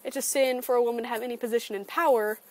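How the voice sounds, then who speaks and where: A woman's voice: on the high side, rapid-fire, rough recording. A woman ranting sarcastically and with lots of swearing in a webcam opinion vlog. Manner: animated, sarcastic and profane ranting. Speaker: vlogger. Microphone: computer webcam.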